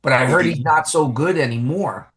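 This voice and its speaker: A man's voice: a little high, normal speed, a loud crowd. A man hosting a casual sports podcast, rambling with lots of restarts. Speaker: podcast host.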